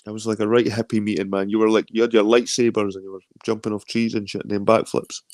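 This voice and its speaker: Scottish guy rambling on a stream, sweary and jokey, lowish voice, dry close mic. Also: level tone, quick pace, darkish tone, no room sound. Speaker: stream host. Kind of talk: casual chat reading viewer comments.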